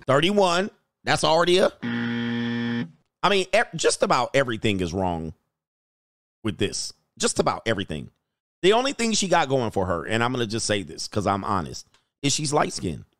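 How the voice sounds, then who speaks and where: A man's voice: mid-range voice, normal speed, pauses often, dry recording, clean studio sound. A middle-aged man, a dating coach, telling stories bluntly and with animation in casual commentary. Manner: blunt, animated storytelling with frequent laughs. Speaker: dating coach reacting to clips.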